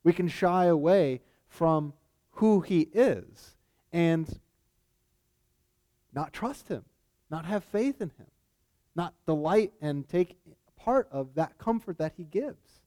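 A man's voice: a little high, animated, slow, long pauses, warm tone. A man preaching a sermon in a casual, conversational way, often checking in with his listeners. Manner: conversational, frequent "right?" asides.

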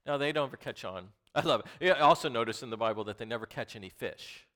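A man preaching a conversational sermon as pastor, animated and playful, often restarting and repeating words as he goes. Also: mid-range voice, fast talker.

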